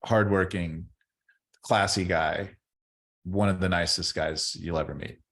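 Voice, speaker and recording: A man's voice: low-pitched, steady tone, unhurried, a bit bright. A middle-aged man, a former ballplayer, chatting loosely as a podcast guest, rambling and repeating words as he restarts his sentences. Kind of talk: casual interview chat.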